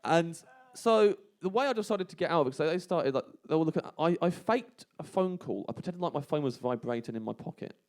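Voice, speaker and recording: A man on a radio show, telling a long comic anecdote in casual chat and going quiet when he quotes people. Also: on the high side, expressive, fairly quick, few pauses. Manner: rambling storyteller, quiet when quoting people. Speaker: comedian telling a story. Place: radio studio. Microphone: studio microphone.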